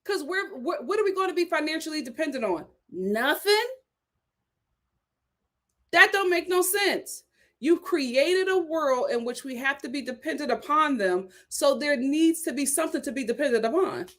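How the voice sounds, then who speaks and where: A woman hosting a live stream, reading viewer comments aloud and reacting to them in casual, animated chat. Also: sits high, moderate pace.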